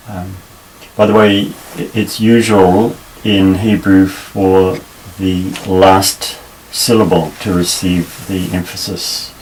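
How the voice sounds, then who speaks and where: A very deep-voiced man talks slowly through a Hebrew language lesson, pausing and restarting as he explains. He sits a little back from the microphone. A faint hiss of room noise runs under his voice. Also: flat delivery, darkish tone, recorded from a distance, rough recording. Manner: unhurried, halting, with frequent fillers and restarts. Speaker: Hebrew teacher.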